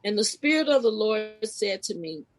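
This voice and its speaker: A woman guesting on a podcast as a spiritual life coach, telling a personal story casually and expressively, her voice leaping high at the big moments. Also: moderate pace, low-quality recording. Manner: animated, expressive retelling with sudden pitch leaps; casual, informal phrasing with restarts.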